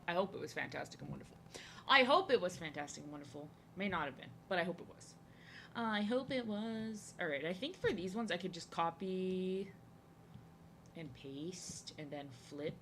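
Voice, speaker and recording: A young woman with a medium-pitched, sharp-toned voice draws while chatting casually to her live-stream viewers as an art streamer. Chatty, she greets viewers and often says her lines twice, with a little hiss or hum in the audio.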